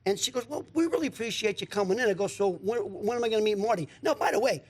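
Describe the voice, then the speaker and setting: Speaking fast in a high voice, this male guest spins a lengthy tale during a storytelling conversation at a radio studio. He brings the characters to life by performing their lines, and he tends to repeat words.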